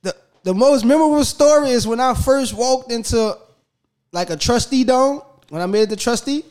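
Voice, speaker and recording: High-voiced animated man. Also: moderate pace. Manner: animated, acts out voices, laughs often. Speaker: podcast guest. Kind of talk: casual storytelling.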